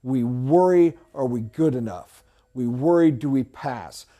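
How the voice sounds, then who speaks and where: Male sales coach, middle-aged, motivational and emphatic, warm low-bright voice, mid pitch. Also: measured pace. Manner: emphatic, preachy. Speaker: sales trainer. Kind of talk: motivational sales training talk. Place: training room with a whiteboard.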